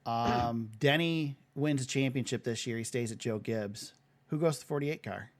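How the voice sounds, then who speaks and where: A man hosting a podcast, reading out news items and tossing questions to his co-host in a relaxed, casual way. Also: medium pitch, normal speed. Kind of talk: casual sports chat.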